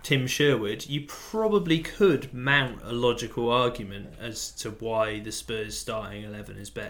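A man co-hosting a casual football podcast, making measured, hesitant arguments. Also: medium pitch, a bit bright. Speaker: podcast co-host. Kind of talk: casual chat.

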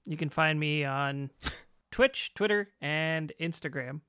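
A man's voice: fairly high pitch, slow, bright, forceful tone, smooth, dry recording, studio quality. A man hosting a casual podcast chat with friends, joking and laughing often. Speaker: podcast host.

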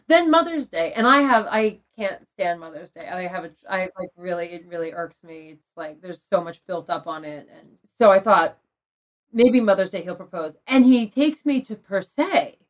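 A woman's voice: mid-range voice, lively intonation, unhurried. Middle-aged woman spilling her story, open and emotional, laughs a lot. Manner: candid, emotional, laughs often. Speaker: guest telling her story. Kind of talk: personal storytelling in conversation.

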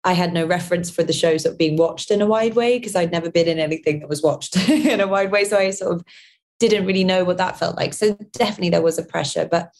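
Hesitant young London actress, laughing softly. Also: female voice, fairly low pitch, quick pace. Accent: London English. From London, England. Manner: hesitant, many restarts and soft laughs. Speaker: actress, interview guest. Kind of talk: casual interview answers.

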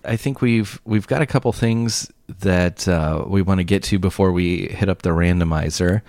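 A man's voice: low voice, normal speed, darkish tone. A man co-hosting a casual comedy podcast, teasing and laughing often. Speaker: podcast co-host.

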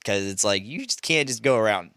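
A man's voice: lowish voice, fairly quick, clean tone, dry recording, studio quality. A young man telling a casual story as a podcast host, laughing often and swearing freely. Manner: animated, laughing, swears a lot.

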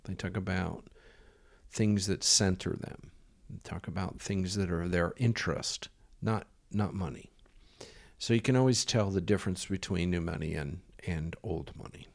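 A man's voice: sits low, moderate pace, gravelly. A man telling a rambling personal anecdote in a casual way, full of fillers and quoted dialogue. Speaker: storyteller.

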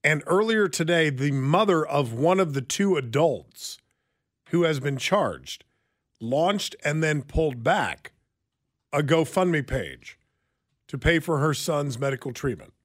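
A man's voice: a little high, expressive, slow, no echo, clean studio sound. A man hosting a talk radio show, wry, blunt and conversational as he gives the call-in number and takes callers. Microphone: studio microphone.

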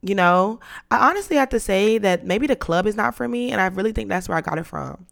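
A young woman hosting a podcast in casual chat, playful and dramatic, her voice lowered and rough from being sick. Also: expressive, a little fast, a bit bright. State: sick, voice deeper than usual. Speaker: podcast host.

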